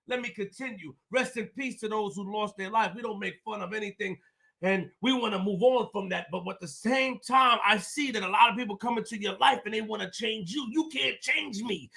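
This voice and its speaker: A male host talking to viewers on a livestream, repeating himself and swinging from low muttering to shouting. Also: big pitch swings, moderate pace, gravelly. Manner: repetitive, emphatic. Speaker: show host.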